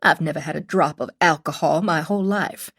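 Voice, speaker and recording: A sharp-tongued old woman in her late seventies who lectures strangers, put on by a female audiobook narrator. Her voice sits fairly low and clipped, with a disapproving, scolding edge. It is a plain storybook reading. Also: brisk, gravelly, husky, heavily acted. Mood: snappish. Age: older. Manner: scolding, preachy.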